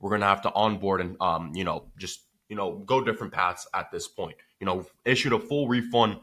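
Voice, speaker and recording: A man who runs a business telling a story in a casual vlog, animated and swearing freely with lots of filler. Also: sits low, a little fast.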